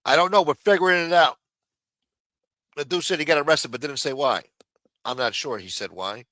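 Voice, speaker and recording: A man's voice: a little high, normal speed, pushed and bright, no room sound, studio quality. A man hosting a live commentary stream, sarcastic, profane and mocking as he talks. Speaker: livestream host.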